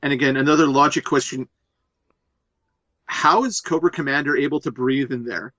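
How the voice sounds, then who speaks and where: A man riffing through a movie commentary with animated, profane energy. His voice sits in an ordinary middle register. The recording is dry and a little dull, as if through a modest mic. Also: medium pitch, moderate pace, no echo. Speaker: podcast host.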